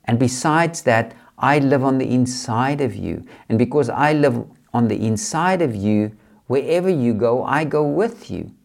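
A man voicing God as a calm, gentle male presence that reassures, in a spoken story. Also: medium pitch, unhurried, creaky. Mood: reassuring.

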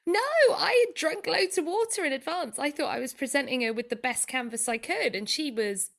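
A woman's voice: high-pitched, lively intonation, brisk, gravelly, fairly bright tone. A woman hosting a comedy podcast, teasing her guests and laughing often in chatty banter.

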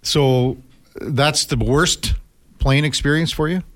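A man's voice: fairly high pitch, slow pace, a bit bright. A man hosting a radio talk show, asking his co-host easygoing questions and laughing along. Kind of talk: casual radio interview.

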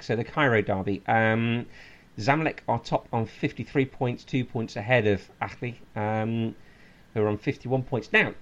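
A man's voice: medium pitch, lo-fi sound. Casual male football podcast host. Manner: laughs often, many fillers, listing fixtures.

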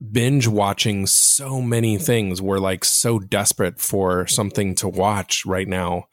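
With a low voice that stays fairly even, this podcast host chats solo and directly with his listeners, musing on things and making light of himself. The sound is intimate and dry, with no echo and no room ambience.

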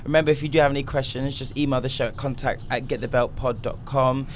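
A man hosting a podcast, talking at an easy, relaxed pace. His voice sits in a middle pitch. He chats loosely and wraps up the show with reminders. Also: quick pace, a little hiss or hum. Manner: relaxed, easygoing, signs off the show with plugs. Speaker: podcast host. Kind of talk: casual podcast chat.

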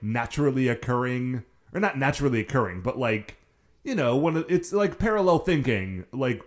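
A man co-hosting a casual chat, musing in a laid-back, rambling way full of fillers. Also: medium pitch. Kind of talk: casual chat recapping a show.

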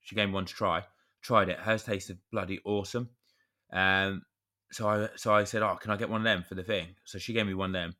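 A man's voice: low voice, steady tone, fairly quick, pushed and bright. A man, co-hosting a podcast and telling a rambling story in casual chat. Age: 30s. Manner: rambling storyteller, chatty with mild swearing. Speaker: podcast co-host.

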